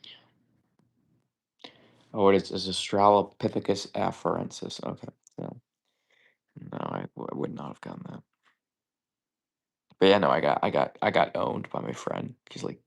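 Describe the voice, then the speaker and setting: A man's voice: sits low, lively intonation, normal speed, vocal fry, pauses often. A young man hosting a live trivia stream, thinking aloud in casual chat and often stammering and correcting himself.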